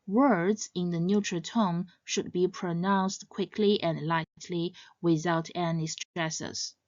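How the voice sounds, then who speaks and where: A woman giving a scripted educational narration as a language teacher, in a measured, clearly explaining way. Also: fairly low pitch, steady tone, darkish tone, no echo, lo-fi sound.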